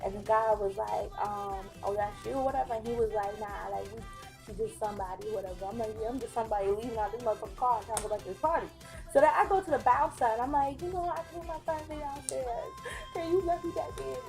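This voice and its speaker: A young woman telling a casual storytime vlog, animated, acting out the other people's lines in quick mock voices. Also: a little high, creaky, soft background music. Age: young adult. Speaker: vlogger.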